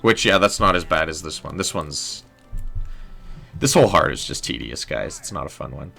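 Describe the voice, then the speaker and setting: Young guy chatting thru a game stream, low voice but bright, lots of ums and likes. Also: moderate pace, gravelly, faint music behind. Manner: relaxed, rambling, full of "um" and "like". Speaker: livestream host. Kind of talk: casual game livestream commentary.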